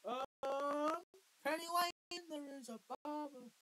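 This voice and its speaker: A woman casually reviewing a record album and scoring tracks, halting with many fillers and sudden loud bursts. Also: high-pitched, poor audio.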